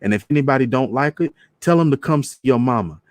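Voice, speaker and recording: A man's voice: mid-range voice, animated, fast, no echo, clean studio sound, voice pushed up, lightly acted. A man voicing an outspoken mother giving firm advice, in an emphatic, folksy way.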